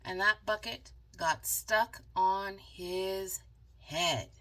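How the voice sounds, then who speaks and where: Slow, bright-voiced woman reading a picture book. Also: medium pitch. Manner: animated, dramatic pauses, chatty asides to viewers. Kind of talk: storybook read-aloud with asides.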